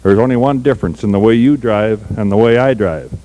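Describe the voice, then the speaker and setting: A man voicing a dry-witted priest in a spoken anecdote, with a deadpan delivery. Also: lowish voice, brisk, lightly acted. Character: old priest teasing a driver, dry wit.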